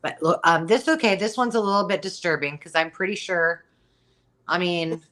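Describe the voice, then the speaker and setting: Her voice is lowish and a bit bright, moving at a moderate pace. She's a middle-aged woman running a live-stream sale, chatting loosely and filling gaps with frequent ums.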